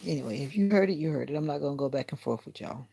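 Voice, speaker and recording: A woman's voice: sits low, lively intonation, racing, vocal fry, dark tone, slightly rough. A middle-aged woman hosting a casual livestream from her bedroom, rambling and joking with her viewers. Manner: rambling, laid-back and joking. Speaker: livestream host. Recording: noisy home livestream.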